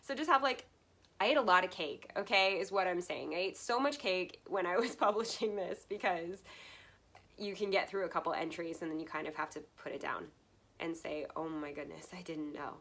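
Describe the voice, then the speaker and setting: A woman's voice: fairly low pitch, brisk, sharp tone. A woman from the United States giving a casual vlog book review, earnest and heartfelt, laughing often between thoughts.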